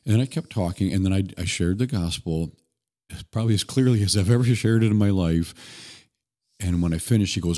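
A man guest on a podcast, telling stories in an earnest, relaxed way with occasional restarts. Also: deep voice, brisk. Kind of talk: conversational storytelling.

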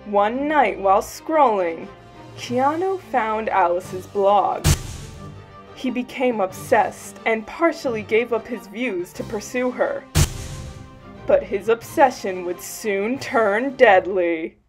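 A young woman narrating a mock true-crime story in a deadpan, straight-faced way. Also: medium pitch.

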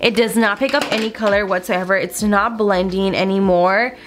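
A young woman beauty vlogger chatting through a get-ready-with-me makeup video, telling a story in a lively, animated way with lots of "like" and "girl". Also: medium pitch, a little fast.

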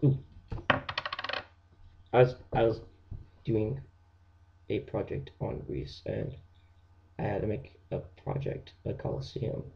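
A teenage boy rambling through a jokey comic rant, dropping into hushed whispered asides. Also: fairly low pitch, very animated, takes it slowly, vocal fry, long pauses, dull audio, a little hiss or hum. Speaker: vlogger.

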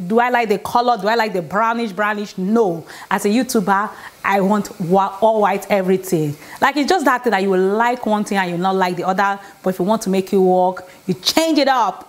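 Chatty woman giving advice. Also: medium pitch. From Nigeria. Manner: chatty, repetitive, emphatic, asks "okay?". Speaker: vlogger. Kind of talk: casual relationship advice talk. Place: home, indoors.

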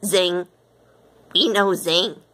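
A woman playing a mournful little space alien from a storybook, dropping her voice lower and dragging each broken phrase out slowly. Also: flat delivery, pushed and bright, full character voice. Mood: sad. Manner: slow, halting, broken speech. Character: slow, sad, odd-speaking space aliens.

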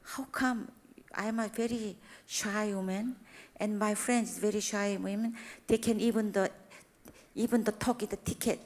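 A woman's voice: mid-range voice, steady tone, unhurried, darkish tone. A middle-aged woman with a Korean accent, a non-native speaker preaching in broken English, animatedly acting out the dialogue of her stories. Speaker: church speaker. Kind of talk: sermon with anecdotes.

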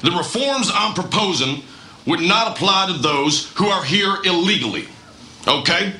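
A scheming, conspiratorial senator played by a man in a comedy sketch. He talks in a fairly high, lively voice and keeps giggling as he persuades. It is a replayed clip with echo and background noise. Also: moderate pace, full character voice. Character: scheming male senator rallying colleagues. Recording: sketch replayed in an echoey, noisy room.

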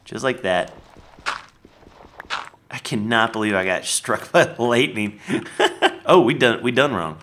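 A man chats his way through a game build, slow and unhurried. His pitch swings up and down all the time, and keyboard typing clicks behind him. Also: background noise. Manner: chatty, lively, talks while building. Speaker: Minecraft let's player. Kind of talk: casual gameplay commentary.

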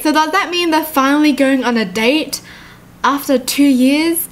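Giggly woman vlogger with a higher voice, chatting casually about what she reads. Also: measured pace. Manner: giggly and chatty, often laughing at herself. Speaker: YouTuber reacting to a text story. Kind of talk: casual reaction chat.

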